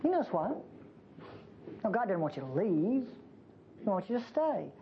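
Animated woman teaching scripture. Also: medium pitch, moderate pace. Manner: animated, acts out the prophet's pleas. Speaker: Bible teacher. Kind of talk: conversational Bible teaching. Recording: dull lo-fi tape with faint hiss.

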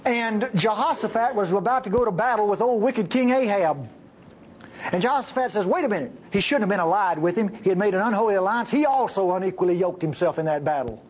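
A man preaching a sermon with passion, acting out the voices he quotes and jumping between high and low. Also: a little fast, muffled recording, slight background noise.

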